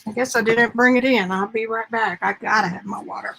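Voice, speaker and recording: A woman's voice: a little high, steady tone, a little fast, gravelly, pushed and bright, husky. A woman with an Arkansas accent hosting a live art stream from her home studio, chatting casually and poking fun at herself while she works. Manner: chatty, self-deprecating, talks while working. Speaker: art livestream host. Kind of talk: casual livestream chat.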